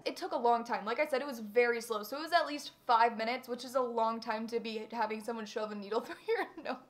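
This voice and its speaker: A young woman telling a personal story in a casual vlog, animated and exaggerated, full of fillers. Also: a little high, quick pace. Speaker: vlogger.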